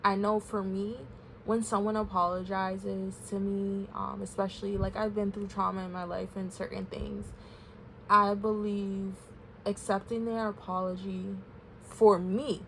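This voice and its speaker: This woman, a tarot reader, speaks at a medium pitch with a creaky quality, and there's a faint hiss or hum in the audio. She gives a casual reading, talking to her viewers in a candid, emotional way and using plenty of filler words.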